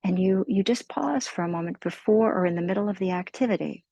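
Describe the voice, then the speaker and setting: A woman meditation teacher giving a slow, gentle guided mindfulness talk in a soothing manner. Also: medium pitch, dry recording, lo-fi sound.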